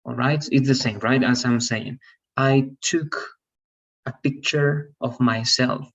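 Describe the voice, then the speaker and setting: Teacher, husky, step-by-step explaining, online class, distant dull audio. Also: medium pitch, fairly even intonation, slow pace. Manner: explains step by step, often checking with "all right?". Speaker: English teacher. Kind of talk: online grammar lesson.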